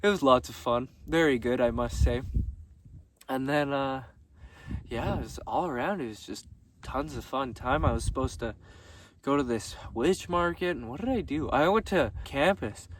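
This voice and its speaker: A young man telling stories casually, laughing often and swearing freely while walking outdoors on a gravel road. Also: medium pitch, moderate pace. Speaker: vlogger. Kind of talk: casual storytelling. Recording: distant mic with faint background noise.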